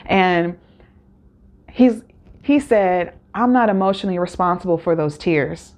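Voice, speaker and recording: A woman's voice: fairly low pitch, a little slow, a little mellow. A woman hosting a casual solo recap, talking candidly with many fillers and acted-out quotes. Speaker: show recap host.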